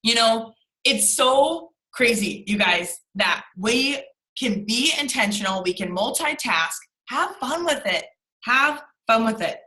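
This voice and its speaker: A woman's voice: on the high side, expressive, slow, pushed and bright, echoey room, poor audio. A young adult woman leading a motivational team call on a video call, speaking emphatically and repeating lines for stress. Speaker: team leader.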